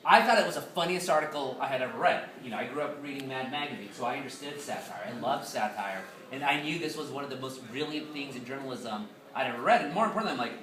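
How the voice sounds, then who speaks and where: A fairly high-voiced man tells lively stories to a room, laughing often as he goes. He sounds a little distant from the mic, and the hall around him rings with echo. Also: quick pace, crowd noise. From United States. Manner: animated, laughs often, playful Spanish slang. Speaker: guest speaker. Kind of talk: lively storytelling talk to an audience. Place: hall with an audience. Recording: echoey room, mic far off.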